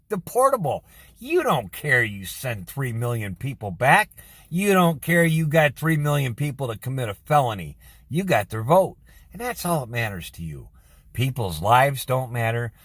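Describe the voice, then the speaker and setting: A man, possibly with a twang, rants combatively about politics, swinging from low grumbling to loud, high-pitched outbursts. His voice is bright and forceful, recorded close and dry with no room sound. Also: dry recording. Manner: combative, ranting, gets louder and higher when worked up. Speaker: political commentator. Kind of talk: angry political rant.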